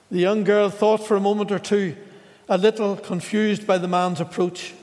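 A man preaching a sermon in a slow, measured way, with dramatic pauses. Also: high voice, steady tone, in a large hall.

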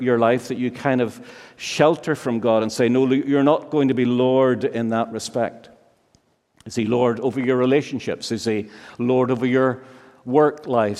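A man preaching a sermon, slow and emphatic, with many searching rhetorical questions. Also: mid-range voice, a little mellow. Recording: long reverb of a large hall.

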